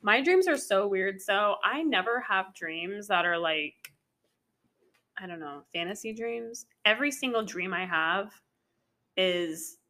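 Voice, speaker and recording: A woman's voice: mid-range voice, expressive, unhurried, pushed and bright. A young woman co-hosting a casual chat, frank and chatty, laughing often and quoting herself. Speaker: co-host.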